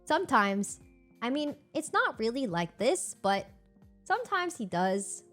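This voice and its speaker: A young woman streamer chatting casually, animated and expressive, laughing and swearing freely. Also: fairly high pitch, measured pace, faint music behind. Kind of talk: casual live-stream chat.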